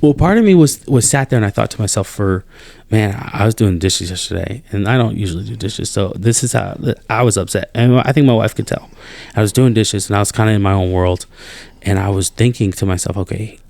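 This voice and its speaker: A man hosting a podcast, venting in an animated, exasperated way with many restarts. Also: lowish voice, a little fast, vocal fry, no room sound. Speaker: podcast host. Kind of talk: casual chat.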